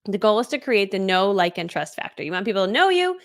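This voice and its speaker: A middle-aged woman teaches a live online course, chatty and animated, racing through her points. Her voice sits at an ordinary pitch for a woman. The recording is close and dry, with no room sound. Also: dry recording. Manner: fast, animated, chatty with lots of "like" and laughs.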